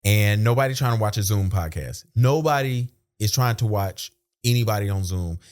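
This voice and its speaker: A man's voice: fairly low pitch, moderate pace. A man from South Carolina, hosting a casual podcast chat and telling stories in loose conversational slang. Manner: animated storyteller, conversational slang. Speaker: podcast host.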